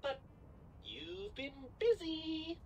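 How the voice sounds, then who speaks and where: A man's voice: very high voice, very slow, creaky, darkish tone, exaggerated voice, low-quality recording. A man voicing a pompous, sarcastic disembodied brain in a jar that talks down to its owner in a video game. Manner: sarcastic, fussy and condescending.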